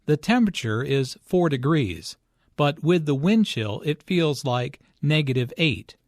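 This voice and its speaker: A man reads an English lesson script, each word spoken slowly and clearly. His voice sits a little high, and the recording is dry and close with no room sound. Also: dry recording. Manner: slow, clear, even delivery. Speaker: English teacher.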